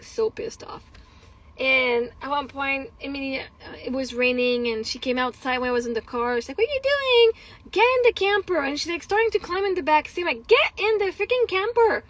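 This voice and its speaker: Candid, high-voiced woman venting in a vlog. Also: fairly bright tone, rough recording. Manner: candid, rambling and frustrated, with laughs and swearing. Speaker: vlogger. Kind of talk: casual personal vlog.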